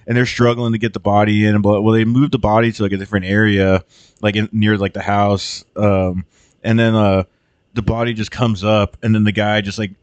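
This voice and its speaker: Low-voiced man rambling through a movie plot. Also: flat delivery, fairly quick, clean tone, dry recording, dull audio. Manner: rambling, swears a lot, acts out characters' lines. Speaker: podcast host. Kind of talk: casual chat retelling a movie.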